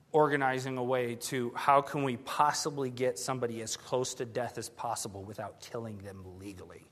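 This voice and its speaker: A man preaching a sermon, telling stories in an animated, excitable way with bursts of shouting. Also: mid-range voice.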